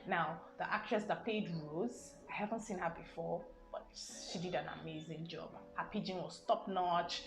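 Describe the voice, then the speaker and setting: A young woman with a Nigerian accent chatting casually as she reviews a film, rambling with "um" and "I mean" asides. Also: fairly low pitch. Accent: Nigerian English. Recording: roomy sound with music behind.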